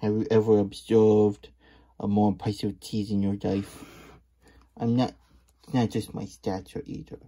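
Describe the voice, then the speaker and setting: A man's voice: fairly low pitch, flat delivery, unhurried, warm tone, husky. A man voicing a boastful talking cheese wheel in a storybook reading, with a showy, bragging delivery.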